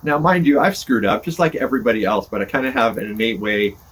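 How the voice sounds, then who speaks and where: Talking fast and expressively, an older podcast host chats to camera by the fire on his porch, rambling with folksy self-deprecation. His medium-pitched voice is fairly bright with a breathy edge. The fire crackles outdoors and cars go by.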